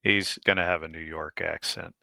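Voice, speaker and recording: A man's voice: a bass voice, steady tone, normal speed, vocal fry, bright, forceful tone, no echo, clean studio sound. A man, a player in a tabletop game, chatting casually in an easygoing way. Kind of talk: casual tabletop session chat.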